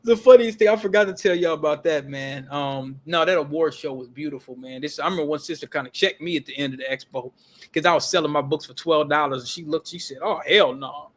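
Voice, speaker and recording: A man with a high-pitched voice tells a story with animated, emphatic delivery. He speaks casually, uses slang and profanity, and repeats phrases for emphasis. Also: fast. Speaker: vlogger.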